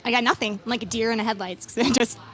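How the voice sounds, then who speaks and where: A woman's voice: fairly high pitch, steady tone, rapid-fire, fairly bright tone, low-quality recording. A middle-aged woman co-hosting a church pre-show in casual chat, cheerful and giggly, with a taste for bad jokes.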